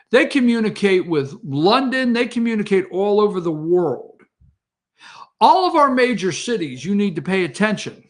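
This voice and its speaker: A man's voice: high-pitched, a bit bright. A man hosting a morning show, giving heated, rambling political commentary straight to his viewers.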